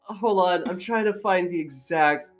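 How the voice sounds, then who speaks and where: A woman guest in casual chat, telling an animated story, swearing freely and acting out quotes. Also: on the low side, measured pace, over music.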